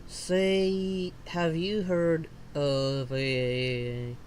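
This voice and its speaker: A woman's voice: low voice, level tone, extremely slow, a little mellow, slight background noise. A woman from Argentina, streaming a gacha game and ranting in frustration with lots of swearing.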